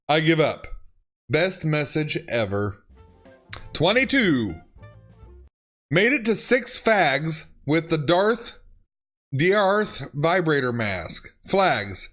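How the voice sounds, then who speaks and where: Reading funny text messages aloud for a YouTube autocorrect-fails video, a man reacts with plenty of laughter, cursing, and exclamations. His voice runs a little high and a bit bright.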